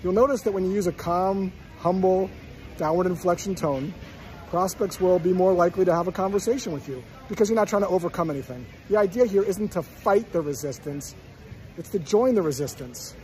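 A man coaching listeners on cold calling in a calm, direct instructional talk. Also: high-pitched, fairly quick, slight background noise, rough recording. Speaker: sales coach.

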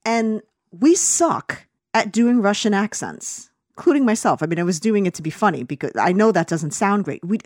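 Reviewing a film on a podcast, this American woman rants casually, stumbling through fillers and restarts. Her medium-pitched, slightly mellow voice is expressive and moderately paced, captured dry and clean in a studio.

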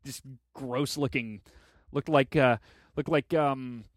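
A man's voice: mid-range voice, steady tone, slow pace, no room sound, clean studio sound. A man co-hosting a comedy podcast, trading sardonic jokes and telling stories. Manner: sardonic, riffs with mock-panicked voices. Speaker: podcast co-host. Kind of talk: casual comedic banter.

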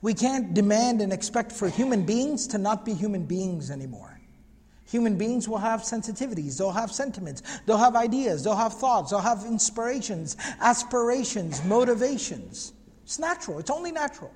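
A man's voice: high voice, animated, normal speed, darkish tone. A man teaching a religious lecture class, emphatic and repetitive, often asking rhetorical questions and reciting Arabic phrases. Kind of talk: lecture class on prophetic biography. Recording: long hall reverb.

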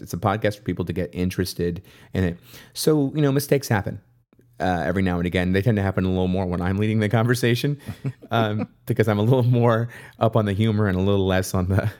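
Man, podcast co-host, low voice, loose rambling jokey chat. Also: quick pace, a little mellow.

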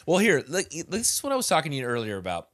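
A man's voice: fairly high pitch, huge pitch swings, fast talker, fairly bright tone, dry recording. Chatty man, dry close sound. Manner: enthusiastic, rambling with restarts. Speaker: podcast co-host. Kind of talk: casual chat on a call.

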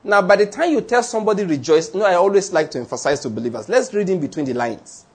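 A man preaches in a husky, rather high voice. He delivers his sermon in an animated way, joking and acting out scenes as he goes. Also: quick pace. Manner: animated preaching with humor and acted-out anecdotes. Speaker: pastor.

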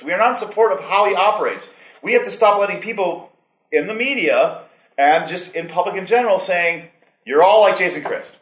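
A man's voice: sits high, fairly bright tone. Casual man talking in an echoey room. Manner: casual, rambling, heated at times. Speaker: meeting speaker. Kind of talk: speaking at a group meeting. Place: meeting hall.

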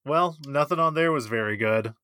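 A man's voice: fairly high pitch, moderate pace, sharp tone, no echo, clean studio sound. A man co-hosting a podcast in casual chat, joking and teasing. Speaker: podcast co-host.

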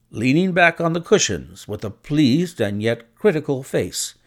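A man narrating a classic short story in an expressive, scripted reading. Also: medium pitch. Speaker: audiobook narrator.

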